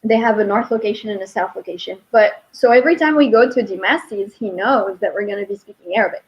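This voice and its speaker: A woman linguistics professor talking as an interview guest, telling animated stories and quoting her son. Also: medium pitch, fast, lo-fi sound. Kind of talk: casual interview talk.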